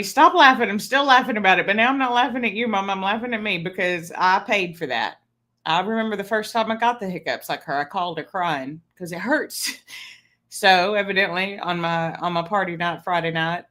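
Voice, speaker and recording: A woman's voice: mid-range voice, fairly bright tone. A woman in her fifties chatting on a birthday livestream, telling stories and laughing often. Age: 50s. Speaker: livestream host. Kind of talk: casual birthday livestream chat. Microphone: streaming setup mic.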